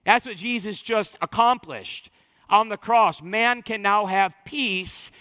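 A man preaching a sermon as pastor, animated and emphatic, acting out quoted speech. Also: sits high, slow pace, big-room sound.

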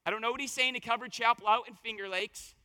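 A man preaching a conversational sermon as pastor, his voice a little hoarse, telling stories and asking the congregation questions. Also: very high voice, steady tone, fast, pushed and bright, big-room sound. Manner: conversational, storytelling with rhetorical questions. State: slightly hoarse voice.

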